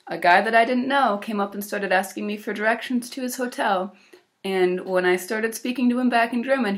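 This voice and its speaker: A teenage girl from Illinois with an American accent, talking casually and upbeat in a video diary about her exchange year. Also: medium pitch. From Illinois, USA. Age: teens. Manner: chatty, upbeat, with fillers and small laughs. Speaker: exchange student vlogger.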